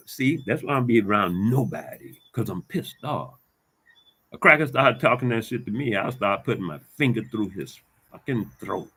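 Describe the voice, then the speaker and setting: A man rants straight to camera in a heated, profane monologue. His voice sits fairly low but comes out forceful and tense, lurching from loud outbursts to low, muttered asides. He repeats phrases as he works himself up. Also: expressive, normal speed, breathy edge. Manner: heated, profane, emphatic ranting. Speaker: vlogger.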